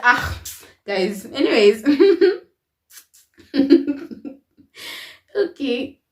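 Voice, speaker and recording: A young woman telling a personal story to her viewers in a casual, expressive way, laughing often. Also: fairly high pitch, measured pace, pauses often, far from the mic. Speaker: storytime vlogger. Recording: roomy echo, away from the mic.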